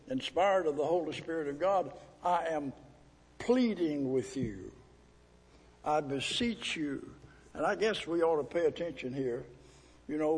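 A man preaching a sermon as pastor, pleading and emphatic, drawing out scripture verses slowly. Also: on the high side, a little mellow, slightly rough. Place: church sanctuary. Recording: echoey hall with long reverb.

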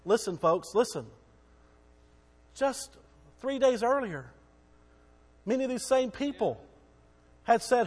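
Man, preacher, sermon, high voice, dramatic storytelling, long hall reverb. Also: sing-song, takes it slowly, pauses often. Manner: dramatic storytelling, shouting quoted crowds.

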